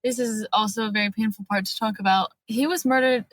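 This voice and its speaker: A woman's voice: fairly high pitch, steady tone, fast talker, dry recording. A woman, a podcast guest and widow telling her story earnestly and acting out what people said. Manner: earnest, tells events by acting out quotes. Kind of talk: emotional personal interview.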